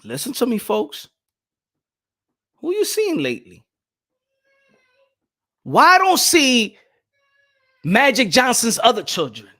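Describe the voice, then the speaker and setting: A young man hosts a boxing talk show in a loud, animated rant. His pitch leaps all over the place, and his voice is bright and sharp. He repeats his points over and over and drops from shouting into low muttering. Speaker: boxing commentary host.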